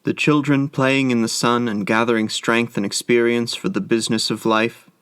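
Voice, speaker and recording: A man narrating a classic story as an audiobook in a measured, reflective way. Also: medium pitch, level tone, a bit bright, smooth, no echo, studio quality.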